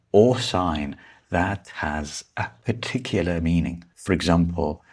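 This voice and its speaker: Slow, husky-voiced man teaching English. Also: low voice. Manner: slow, patient explaining with stressed key words. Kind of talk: vocabulary lesson.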